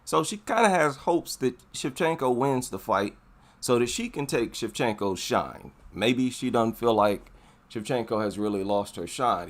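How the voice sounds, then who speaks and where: A man's voice: fairly low pitch, vocal fry. A man giving casual, emphatic commentary, repeating his points for effect. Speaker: MMA commentary vlogger.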